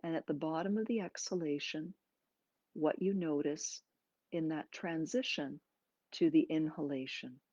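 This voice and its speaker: In a dry, echo-free recording with a slightly dull, lo-fi quality, a woman leads a yoga class through its breathing and movement. She speaks slowly and softly, leaving gaps between cues, in a mellow, slightly low voice.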